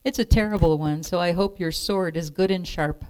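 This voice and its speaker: A woman voicing a bold, feisty young noblewoman who speaks briskly and with spirit, in a storybook reading. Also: lowish voice, darkish tone, clear, resonant tone, lightly acted.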